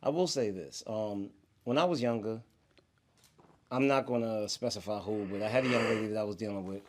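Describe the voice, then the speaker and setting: A man's voice: fairly low pitch, a little fast. A man with a New York accent, co-hosting a podcast in casual chat, laid-back and laughing at his own stories. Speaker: podcast co-host.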